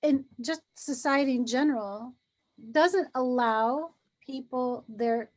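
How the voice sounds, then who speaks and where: A woman co-hosting a casual talk on feelings, reflective and slowing down on key points. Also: high-pitched, darkish tone. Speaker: podcast co-host. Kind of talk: casual conversation.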